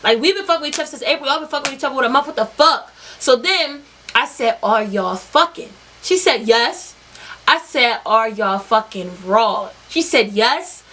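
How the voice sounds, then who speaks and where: A young woman vlogger telling a storytime tale in an animated, profane, slangy way. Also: high voice. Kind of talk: storytime vlog.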